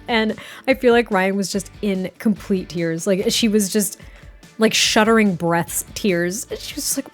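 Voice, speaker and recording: Chatty excitable woman gaming host. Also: mid-range voice, unhurried, faint music behind. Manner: excitable, chatty, frequent laughs and repeats. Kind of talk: casual gameplay commentary.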